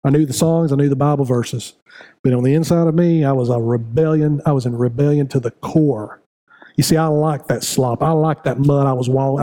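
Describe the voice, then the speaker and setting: A man's voice: mid-range voice, steady tone, a little fast, dark tone. A middle-aged man preaching a sermon as pastor, building to raised, repetitive appeals to his congregation. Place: church sanctuary.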